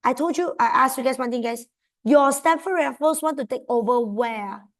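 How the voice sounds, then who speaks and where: Malaysian woman tutor, high voice, animated and chatty, keeps quizzing the class. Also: normal speed. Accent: Malaysian English. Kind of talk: exam revision lesson.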